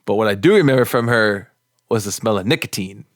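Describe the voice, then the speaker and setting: A man co-hosting a casual podcast, telling an anecdote in a relaxed way with swearing and laughs. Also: fairly low pitch, a little fast, dry recording, clean studio sound.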